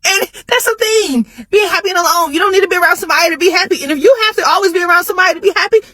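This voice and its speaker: Woman, high voice, dry close sound, animated casual vlog talk, laughs between phrases. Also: rapid-fire, no echo. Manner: jumps high in pitch when emphatic. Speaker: vlogger. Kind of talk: casual chat to camera.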